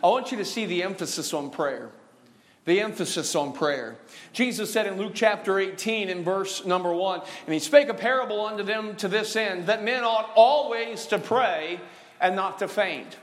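A male pastor preaching a sermon, joking with the congregation and calling for responses, stretching out key words. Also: high-pitched. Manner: call-and-response preaching, drawn-out emphasis; jokey, laughing asides. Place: church sanctuary.

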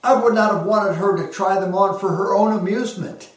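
A man preaching as a pastor, earnest and emphatic, slowing down to give phrases weight. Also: high-pitched. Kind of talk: sermon. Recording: very echoey hall, heard from a distance.

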